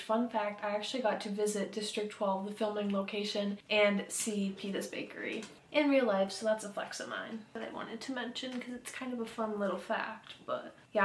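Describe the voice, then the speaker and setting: A woman vlogging casually about a book she is reading, reacting in a hushed, chatty way. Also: mid-range voice, slight background noise. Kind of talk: casual reading vlog chat.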